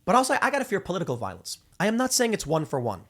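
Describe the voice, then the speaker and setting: Male host, 30s, animated and expressive pitch, rambling solo commentary with frequent restarts. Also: rapid-fire. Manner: rambling, repeats words when restarting; acts out quoted people in exaggerated voices. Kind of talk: casual opinion commentary.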